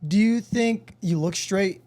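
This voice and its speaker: Male podcast host, raised pitch, long-winded questioner. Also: slow pace, darkish tone. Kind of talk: casual chat.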